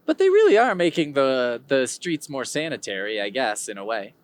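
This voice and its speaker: A man's voice: mid-range voice, very animated, moderate pace. A man hosting his own podcast, talking in a rambling, digressive way with wry humor. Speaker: podcast host. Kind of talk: casual solo podcast monologue.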